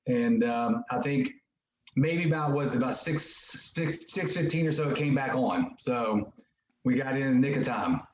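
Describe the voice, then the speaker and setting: A man's voice: mid-range voice, measured pace, slight background noise. A man appearing as a guest on an interview show, answering in an easygoing way over a remote call. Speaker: guest musician. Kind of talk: casual interview chat. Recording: roomy, dull remote call audio.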